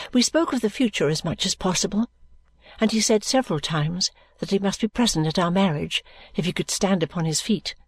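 A woman narrating a classic novel as an audiobook, in a measured, gentle reading. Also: mid-range voice, no echo.

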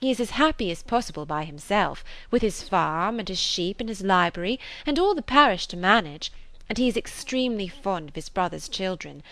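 A woman reading as a lively, headstrong young woman who talks emphatically and exclaims often. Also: medium pitch, brisk, dry recording. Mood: indignant. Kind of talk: audiobook character reading.

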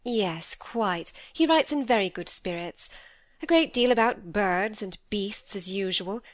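A woman reading aloud, voicing a lively, charming young woman with a breezy, coaxing manner in a storybook. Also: medium pitch, measured pace, no room sound, natural voice.

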